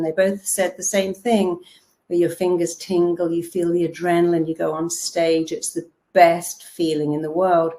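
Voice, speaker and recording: A woman's voice: fairly low pitch, dark tone. A woman self-help speaker giving a motivational talk, telling stories and acting out the voices of people she quotes, with emphatic repeated words.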